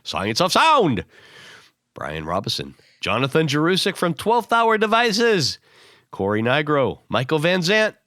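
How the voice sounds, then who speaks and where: Brief: male co-host, hoarse from bronchitis, bright lively voice rising and falling a lot, dry sound. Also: a little high, unhurried, dry recording. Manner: playful, reads a long list of names. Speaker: podcast co-host. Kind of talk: casual chat.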